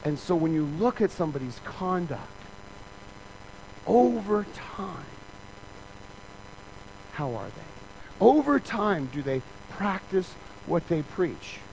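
Slightly high-voiced male preacher, conversational. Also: very animated, takes it slowly, long pauses, darkish tone, slight background noise, poor audio. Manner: conversational and joking, acts out other people's lines. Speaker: pastor. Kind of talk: sermon. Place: church.

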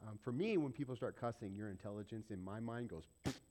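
A man's voice: lowish voice, fast talker, dark tone. A man preaching a conversational sermon, asking rhetorical questions and repeating points for emphasis. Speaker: pastor.

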